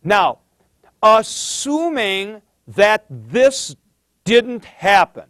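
A man's voice: high-pitched, big pitch swings, very slow, fairly bright tone, no echo, clean studio sound. A middle-aged man teaching a theology class in a conversational lecture, thinking aloud and stressing key points.

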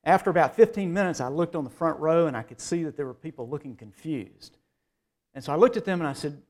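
A man with a slightly high voice and a Southern US drawl gives a keynote address. He works in folksy, self-deprecating anecdotes as he talks to the audience. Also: animated, fast. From North Carolina, US. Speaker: keynote speaker. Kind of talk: keynote speech with humorous anecdotes.

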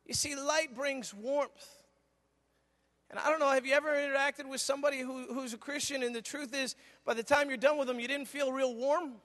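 High-voiced middle-aged man preaching a sermon. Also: normal speed. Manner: animated storyteller acting out dialogue. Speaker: pastor. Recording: long reverb of a large hall.

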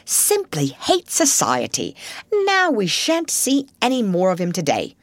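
A woman voicing a cheerful, sociable male water rat in a storybook, brisk and hearty. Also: medium pitch, wildly swooping pitch, dry recording.

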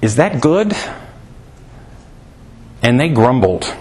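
A preacher with a mid-pitched voice teaches scripture slowly and conversationally, animated and full of rhetorical questions. He swings his pitch up high for emphasis, while folksy asides and small fillers keep it chatty.

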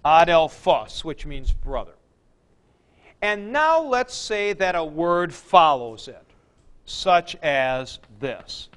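Slow-speaking man teaching a lecture. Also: fairly high pitch, big pitch swings, pushed and bright, clear, resonant tone. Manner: slow, explains with examples. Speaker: Greek teacher. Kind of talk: classroom lecture.

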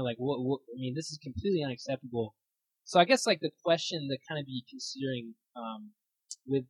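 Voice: medium pitch, slightly rough, no echo, poor audio. A young adult leading a casual Bible study at a retreat, talking in a chatty way with lots of fillers, acting out quotes and laughing along with the stories. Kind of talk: casual teaching talk. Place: meeting room at a retreat.

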